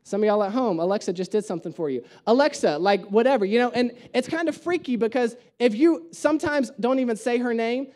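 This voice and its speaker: A young male pastor with a notably high voice tells jokes as he preaches a relaxed sermon. He talks in an animated, storytelling way, and his delivery stays light and playful. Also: fairly quick, few pauses. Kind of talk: conversational sermon.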